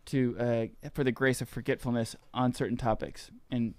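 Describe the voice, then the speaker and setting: Catholic podcast guy, stumbles and restarts a lot, dry close sound, middle pitch. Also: level tone, a little mellow, clear, resonant tone, no room sound. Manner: halting, with many restarts and uhs. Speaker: podcast co-host. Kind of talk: casual chat on Catholic teaching.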